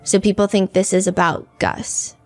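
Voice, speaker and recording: A woman's voice: mid-range voice, flat delivery, moderate pace, darkish tone, faint music behind. Chatty woman podcast host. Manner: chatty, reads lyrics and comments aloud. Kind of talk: casual true-crime podcast chat.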